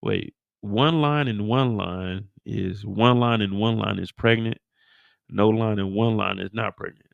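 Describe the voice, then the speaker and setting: A man hosting a live after-show, recapping an episode in a profane, animated storytelling way. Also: fairly low pitch, unhurried, vocal fry, no echo, dull audio. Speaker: show host.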